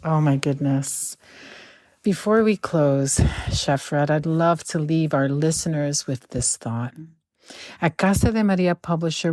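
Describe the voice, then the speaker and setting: A woman hosting an interview, measured and reflective as she reads out her closing thoughts. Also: deep voice, a little mellow, no room sound, studio quality. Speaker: podcast host.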